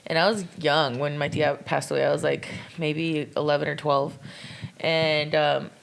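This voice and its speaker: A woman's voice: sits low, steady tone, normal speed, creaky. A woman co-hosting a podcast, telling stories in casual chat with loose swearing. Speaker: podcast co-host.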